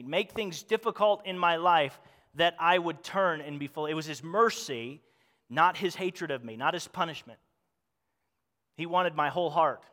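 A man's voice: on the high side, fairly bright tone. A man preaching a sermon as pastor, earnestly asking the congregation questions. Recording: long hall reverb.

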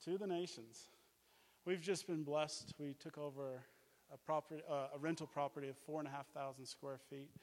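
A middle-aged man and missions base director preaching a testimony in an animated storytelling style, with laughs and exclamations. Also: mid-range voice. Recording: long reverb of a hall.

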